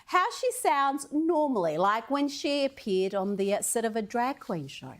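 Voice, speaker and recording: A woman's voice: fairly high pitch, big pitch swings, moderate pace. A woman delivering scripted political commentary in a sarcastic, mocking tone. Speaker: commentator in a played news clip.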